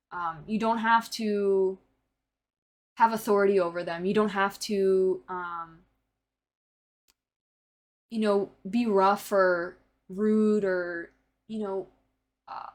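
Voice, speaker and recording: A young woman in her early twenties talks through a tarot reading in a loose, unscripted way. She rambles, leans on fillers and restarts, and drops the occasional swear word as she explains the cards. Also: medium pitch. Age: early 20s. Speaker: tarot reader.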